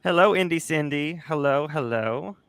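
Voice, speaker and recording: Man, livestream co-host, bright tone, dry close mic, jokey and self-deprecating. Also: fairly high pitch, lively intonation, normal speed, clean tone, no echo. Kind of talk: casual livestream chat.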